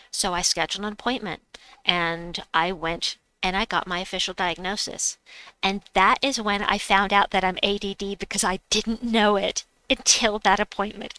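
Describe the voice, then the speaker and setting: A woman chats casually to her stream audience while playing, telling a long personal story and reading viewer messages aloud. Her voice is bright and smooth, captured close and dry at a home desk mic. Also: medium pitch, dry recording, poor audio. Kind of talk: casual chat.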